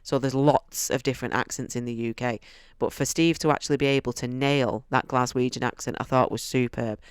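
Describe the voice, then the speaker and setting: Guy rambling happily about a book, super smooth clear voice, dry close sound. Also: mid-range voice, fairly even intonation, brisk, dry recording. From United Kingdom. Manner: chatty and enthusiastic, restarts sentences often. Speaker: book reviewer. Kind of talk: casual book review.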